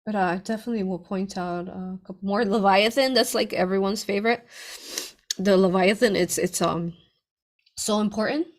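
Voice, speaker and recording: A woman author talks freely to her audience in a casual monologue, piling up fillers and restarts as she goes. Her voice sits at a medium pitch. She swings between excited, loud outbursts and quiet, hushed asides. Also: a little fast. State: tearful at moments. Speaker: author answering readers' questions.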